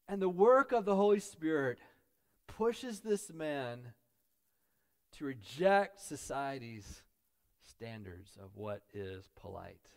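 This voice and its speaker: A man preaching a sermon as pastor, dropping to quiet asides and building to loud, emphatic peaks. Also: mid-range voice, very animated, slow pace, long pauses.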